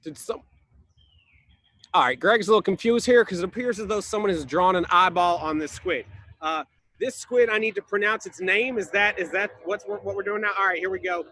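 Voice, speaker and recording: A man's voice: high-pitched, fairly quick, pushed and bright. A man playing Greg, a goofy drywall guy. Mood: puzzled. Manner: rambling, confused, playful. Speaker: presenter in a slideshow game. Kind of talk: improvised comic presentation. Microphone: video call.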